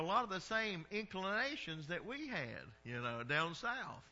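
A middle-aged Southern American pastor preaches in a high, very bright and ringing voice, folksy and easygoing as he draws out his vowels. The recording sounds a little muffled and dull. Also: sing-song. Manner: folksy preaching, drawn-out vowels, chuckles at his own stories. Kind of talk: sermon.

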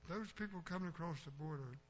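A man's voice: on the high side, quick pace. Blunt older man preaching a folksy sermon. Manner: plainspoken, blunt, anecdotal. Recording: dull lo-fi recording with faint hum.

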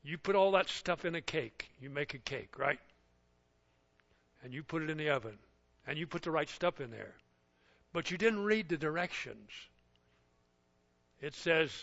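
A preacher delivers his sermon with animated flair, slipping into little acted-out scenes. His voice is bright and a little raised in pitch. The recording sounds muffled and lo-fi. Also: vocal fry. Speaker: pastor.

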